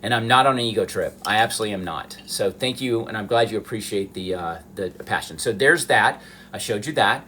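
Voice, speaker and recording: A man's voice: fairly low pitch, brisk, pushed and bright, a little hiss or hum. A man from the southern United States who chats earnestly and animatedly to viewers during a live stream. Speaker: miniature artist hosting a live stream. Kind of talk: casual livestream chat.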